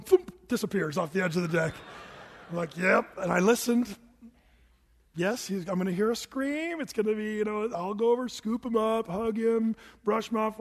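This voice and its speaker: A middle-aged man preaching a sermon as pastor, telling a story with animated swings that climb to shouts. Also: high-pitched. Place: church sanctuary. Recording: long hall reverb.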